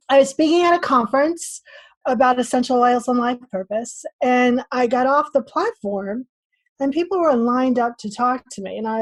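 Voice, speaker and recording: A woman guest on a podcast, telling a story in a lively way and acting out her own thoughts. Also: on the high side, a little fast, dry recording. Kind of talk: casual interview talk.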